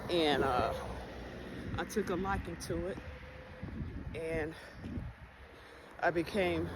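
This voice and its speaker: A woman giving a candid personal monologue, blunt and full of cursing as she talks about faith. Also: low voice. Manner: blunt, heavy cursing, spiritual talk. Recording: noisy background hiss.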